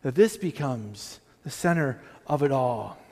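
A man's voice: medium pitch, lively intonation, unhurried, darkish tone. A man preaching a sermon as pastor of a church, talking in a conversational, self-deprecating way with frequent restarts and asides. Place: church sanctuary. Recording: long hall reverb.

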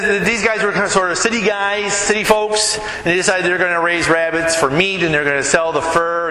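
A man's voice: on the high side, pushed and bright. A man preaching a sermon as a pastor, telling stories with conversational asides to the congregation. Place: church sanctuary. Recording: echoey hall with long reverb, faint room noise.

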